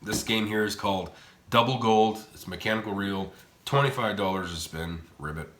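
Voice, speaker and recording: A man hosting a slot machine vlog, rambling bluntly and swearing casually as he plays in a casino's high limit room. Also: a little fast, fairly bright tone, echoey room. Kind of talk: casual gambling commentary.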